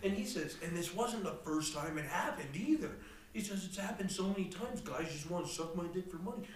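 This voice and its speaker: A young man telling crude stories on a casual podcast, profane and brash, breaking into loud laughing bursts. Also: sits high, expressive, fairly quick, recorded from a distance, a little hiss or hum. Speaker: podcast co-host. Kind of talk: casual crude storytelling chat. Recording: echoey room, mic set back.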